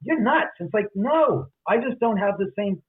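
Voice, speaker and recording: An animated man tells stories in a casual interview, slipping into the voices of others as he goes. His voice sits a little high. It comes through a thin, phone-like line. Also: moderate pace. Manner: animated, acts out quotes. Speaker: guest, author and homeowner.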